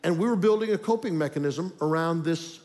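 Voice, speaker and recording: Here an older preacher with a high-ish, darkish voice speaks a little fast, earnestly telling marriage stories and acting out what people are thinking. The sound carries the long echo of a large hall.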